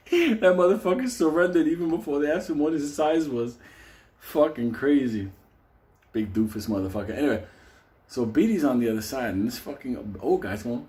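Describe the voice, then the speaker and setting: A man's voice: a little high, very animated, normal speed, darkish tone. A man telling a comic, profane story, laughing often and acting out the voices. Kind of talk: casual comedic storytelling.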